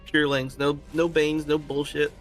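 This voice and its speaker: A man's voice: fairly high pitch, flat delivery, measured pace. A man chatting casually and teasing a friend while they play a video game together. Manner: teasing, joking banter. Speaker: gamer co-hosting a game session. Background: game music and sounds.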